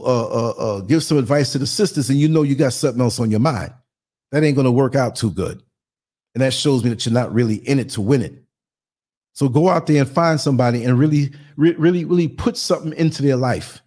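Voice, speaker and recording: A man's voice: mid-range voice, a little mellow. A man hosting a live stream, giving emphatic, preachy commentary in street slang, asking the audience rhetorical questions and reading viewer comments. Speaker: podcast host.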